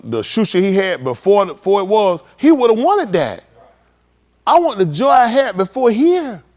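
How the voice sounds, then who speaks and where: A man preaching at a livestreamed scripture teaching, emphatic and slangy, firing rhetorical questions at his listeners. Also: sits high. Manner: slangy street talk.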